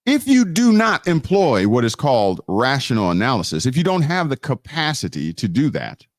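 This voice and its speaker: A man's voice: medium pitch, very animated, no echo, clean studio sound. Emphatic man preaching on a live stream. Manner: preachy, emphatic, repeats key phrases; drawn-out emphasis with frequent fillers and restarts. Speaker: host of a live teaching stream. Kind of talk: live online teaching on law and scripture.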